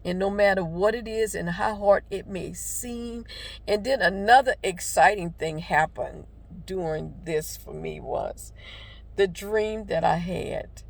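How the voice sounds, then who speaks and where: A woman's voice: mid-range voice, a little slow, creaky. An older woman tells a heartfelt, rambling personal story and offers faith-based encouragement, with many fillers. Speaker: devotional vlogger. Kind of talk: casual personal testimony with encouragement.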